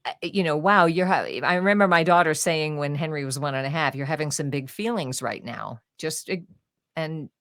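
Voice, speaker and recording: An older woman with a low, deep-set voice talks as a podcast guest. She tells her stories expressively and acts out what people said. The sound is close and dry, with no room around it. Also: moderate pace, no echo. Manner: expressive, animated storytelling with acted-out quotes. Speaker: guest author and audiobook narrator. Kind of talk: conversational podcast interview.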